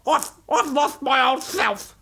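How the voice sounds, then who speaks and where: A man voicing a grumpy young male ant in a children's storybook, speaking in a sulky, high, raspy voice. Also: takes it slowly, pushed and bright, exaggerated voice. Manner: whiny and sulky.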